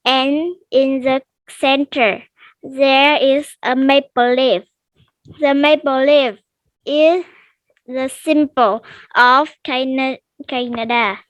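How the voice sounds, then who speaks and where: A high-voiced woman student with Vietnamese as her first language reads aloud for an online speaking test. She goes very slowly and carefully through the text, and her headset voice comes through dry and close. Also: steady tone, no room sound, lo-fi sound. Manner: shy, terse answers, careful halting reading. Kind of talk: reading a passage aloud for a test. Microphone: headset on a video call.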